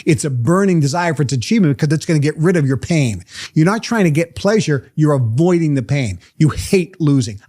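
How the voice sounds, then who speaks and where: A motivational speaker, a man with a fairly high voice that swings widely in pitch. He talks emphatically, pressing his listeners with question after question. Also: big pitch swings, moderate pace, a little mellow. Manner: emphatic, fires rhetorical questions. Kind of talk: motivational talk to a live group.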